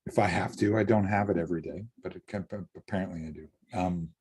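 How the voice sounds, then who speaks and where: A man co-hosting a casual live chat, talking in a relaxed, chatty way with a few halting restarts. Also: low voice, breathy edge. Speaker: co-host.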